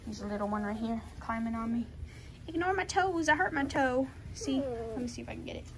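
A woman, chatting to puppies in a gushing baby-talk voice that jumps high into squeals. Her pitch is high and swings widely. Puppy noise fills the background. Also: lively intonation, a little fast. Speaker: dog breeder vlogger. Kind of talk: casual chat with puppies. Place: puppy pen with dogs.

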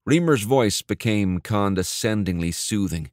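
Brief: male audiobook narrator, low voice, dry close sound, measured. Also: no room sound.

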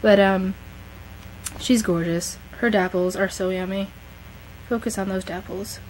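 Teenage girl, casual collection vlog, gushing and chatty, medium pitch, light background noise. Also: steady tone, a little slow, darkish tone, rough recording. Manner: gushing, chatty, talks to her camera. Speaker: model horse collector.

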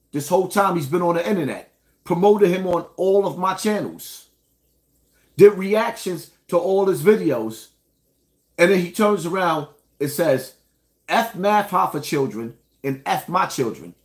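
A man's voice: high voice, measured pace. A man ranting to his viewers in reaction commentary, emphatic and indignant, speaking straight to the audience.

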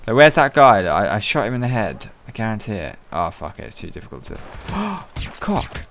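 A man giving profane, excitable, joking let's-play commentary. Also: fairly low pitch, brisk, gravelly, background noise. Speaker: gaming channel host.

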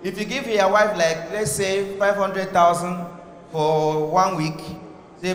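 A man's voice: high-pitched, unhurried. Male comic in an echoey hall. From Cameroon. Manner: conversational, building to loud excited peaks. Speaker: stand-up comedian. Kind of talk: stand-up comedy routine. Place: live comedy stage in a large hall. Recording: echoey hall with a live audience.

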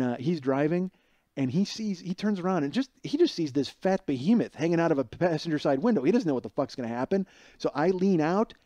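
A man's voice: mid-range voice, warm tone, no echo, muffled recording. A man in his forties, a podcast host, rambling through profane stories with many restarts and laughs. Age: 40s. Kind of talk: casual storytelling monologue.

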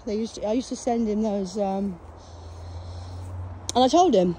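Hoarse lady ranting into her phone outside by some graves, swears a lot, jumps topic to topic, coughs. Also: medium pitch, steady tone, brisk, slight background noise. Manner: profane, agitated and loud, veering off topic. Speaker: vlogger. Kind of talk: rambling monologue to camera.

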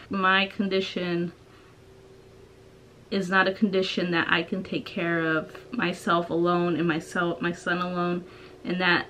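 Young woman, low-pitched voice, personal vlog, hesitant, rambling, talking at home. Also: bright, forceful tone, slight background noise, poor audio. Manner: hesitant, rambling, full of fillers and restarts. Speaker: vlogger.

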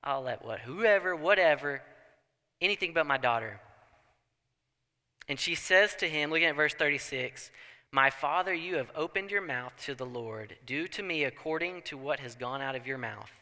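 A young man preaching a sermon in a church, telling the story with animated asides and acting out people's thoughts. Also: on the high side, fairly quick. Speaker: pastor. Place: church sanctuary. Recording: long church hall reverb.

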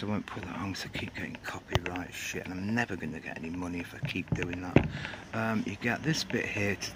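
A man's voice: on the low side, heavy background noise. A man from England rambling through a casual outdoor shoe review, joking and swearing under his breath as he films on a cold day. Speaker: sneaker reviewer.

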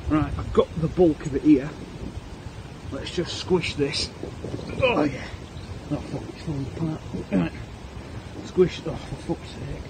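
A man's voice: a little high, unhurried, pauses often. Sweary guy outdoors in snow. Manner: sweary, jokey running commentary to his dog. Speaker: podcast co-host. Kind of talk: casual vlog. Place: outdoors on a snowy street. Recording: outdoor camera audio with ambient noise. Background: outdoor ambience and a barking dog.

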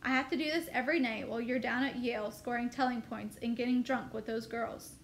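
A cheeky young farm boy from a storybook, pert and teasing, as a woman reads him aloud. The voice sits high, with faint ambient noise behind. The dialogue is lightly voiced rather than acted. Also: steady tone, fairly quick, lightly acted. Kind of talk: reading a novel aloud.

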